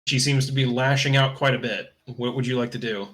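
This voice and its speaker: A man's voice: medium pitch, steady tone, fairly quick, fairly bright tone. Casual male game master narrating. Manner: casual, loose narration with fillers like "kinda" and "uh".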